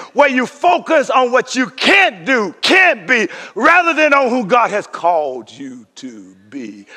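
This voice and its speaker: High, bright-voiced preaching pastor. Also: male voice. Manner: emphatic preaching with call-and-response and repeated refrains; drops to hushed near-whispers between shouted peaks. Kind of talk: sermon. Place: church sanctuary. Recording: long hall reverb of a sanctuary.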